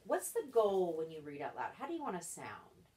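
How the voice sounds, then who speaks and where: A woman's voice: on the low side, huge pitch swings, fairly quick, darkish tone. A woman tutoring a child in reading one-on-one, patient and encouraging, explaining each step.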